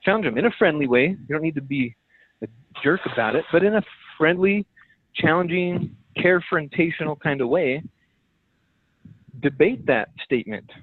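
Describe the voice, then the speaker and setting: A man's voice: fairly high pitch, expressive, moderate pace, no room sound. A man leading his sales team on a call, giving an emphatic, direct motivational coaching talk that repeats key phrases. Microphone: phone. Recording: tinny phone-line conference call.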